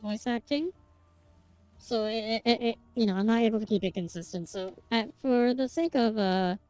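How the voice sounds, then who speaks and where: Mellow-voiced woman streamer, accent wanders. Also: medium pitch, poor audio. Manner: slips between accents when narrating; rambling and self-conscious. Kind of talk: reading game narration and chatting.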